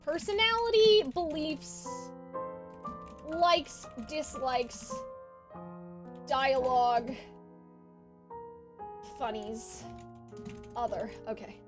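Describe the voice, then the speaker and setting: Woman, streamer, casual live chat, rambling, self-correcting, high-pitched, faint music behind. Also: drawn-out words, pauses often. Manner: rambling and chatty, often correcting herself.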